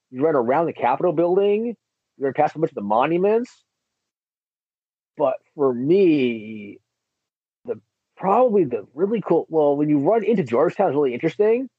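A man chatting casually about running marathons, telling stories with lively energy and acting out the voices of people he met. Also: medium pitch, breathy edge, no echo. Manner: animated storyteller, acts out quoted voices. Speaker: marathon runner guest. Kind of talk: casual chat. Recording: tinny phone-like line.

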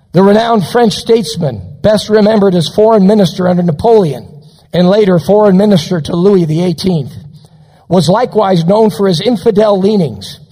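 High-voiced preacher in a reverberant church. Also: male voice, dark tone. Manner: dramatic preaching, slows for quotations. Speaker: pastor. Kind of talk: recorded sermon on radio.

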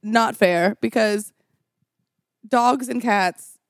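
A woman's voice: fairly high pitch, drawn-out words, dry recording, studio quality. A woman co-hosting a podcast in loose, profane casual chat, laughing often. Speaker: podcast co-host.

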